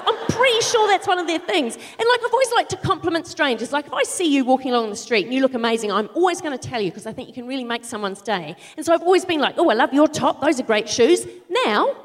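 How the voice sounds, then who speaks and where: A middle-aged woman doing live stand-up comedy, ranting in exasperation with sudden shouted outbursts. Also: very high-pitched. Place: large theatre stage. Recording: live theatre with long reverb.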